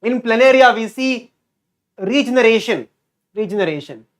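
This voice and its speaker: A male teacher giving a lively online exam-prep lecture. He repeats key words and keeps quizzing his students. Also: very high-pitched, normal speed. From India.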